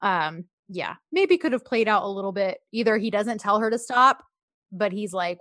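A woman's voice: mid-range voice, expressive, normal speed, a bit bright, dry recording, clean studio sound. A woman co-hosting a casual chat, recapping a show's scenes with lots of fillers. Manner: chatty, talks through scenes with fillers. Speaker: co-host reviewing a show.

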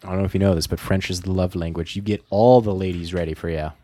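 A man's voice: sits low, fairly even intonation, fast talker, dark tone, dry recording. A man co-hosting a podcast, chatting in a rambling, teasing way. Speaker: podcast co-host. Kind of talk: casual podcast chat.

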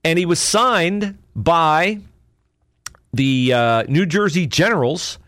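A man's voice: fairly high pitch, slow, a bit bright, no room sound, studio quality. A man hosting a podcast alone, rambling through sports memories with fillers and self-corrections. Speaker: podcast host. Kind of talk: casual solo podcast talk.

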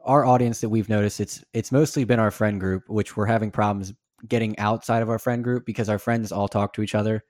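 A man's voice: fairly low pitch, fairly even intonation, fairly quick, few pauses, darkish tone, dry recording, studio quality. A young man in his twenties co-hosting a podcast who earnestly explains his show's problem to the guest in a casual chat. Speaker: podcast co-host. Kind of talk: casual interview questions.

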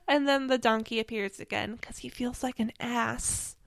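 A young woman co-hosting a podcast in casual chat, animated and laughing often. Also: on the high side, moderate pace, creaky, few pauses, smooth, no room sound, studio quality. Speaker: podcast co-host.

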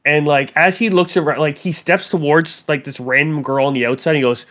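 A man's voice: on the high side, steady tone, fairly quick, a bit bright. A man narrating as game master of a tabletop game, in a casual, rambling way. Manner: casual, lots of "like" fillers.

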